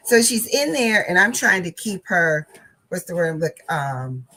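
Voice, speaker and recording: A woman's voice: on the low side, big pitch swings, measured pace, sharp tone, poor audio. A woman hosting a crafting channel, telling a casual story and often laughing while she talks.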